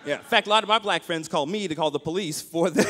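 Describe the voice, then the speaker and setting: A man's voice: high voice, a little fast, bright, forceful tone. A man doing a self-mocking stand-up comedy set on a club stage, full of asides. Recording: noisy comedy club with crowd.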